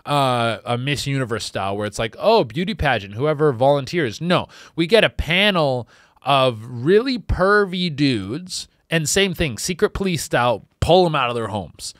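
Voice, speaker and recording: Animated rambling male comedian. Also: mid-range voice, normal speed, no echo, studio quality. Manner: rambling, animated, acts out voices. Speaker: comedian host. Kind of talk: comedic monologue.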